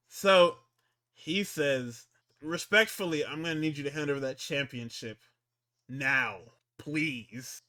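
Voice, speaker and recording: Guy ranting thru a show recap, lots of cussing and restarts, kinda high sharp voice. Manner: rambling, swears constantly, stumbles and restarts. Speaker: podcast co-host recapping wrestling. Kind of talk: casual profane recap chat.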